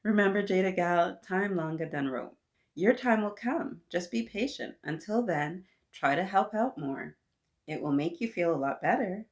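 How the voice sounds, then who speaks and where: A woman's voice: lowish voice, lively intonation, moderate pace, lightly acted. A woman voicing a firm but kindly woman who raises the children, in a put-on Jamaican accent. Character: firm caring Jamaican woman raising the kids.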